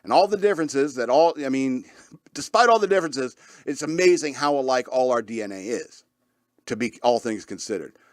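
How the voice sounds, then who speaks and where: Recorded dry and at studio quality, a medium-pitched man speaks expressively at a moderate pace while hosting a radio show. He rambles casually like a podcast chat, chuckling often and leaning on fillers and restarts.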